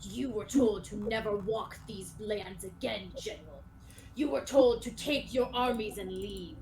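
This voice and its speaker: A woman voicing a pompous male skeleton knight who speaks in booming, formal old-fashioned phrases. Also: unhurried, crowd noise, lightly acted. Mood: stern. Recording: noisy background.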